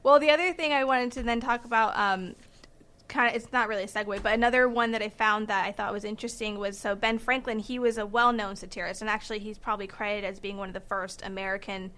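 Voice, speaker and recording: A woman's voice: medium pitch, steady tone, fast, fairly bright tone. A woman hosting a casual podcast chat, explaining a topic with many fillers and loose paraphrases.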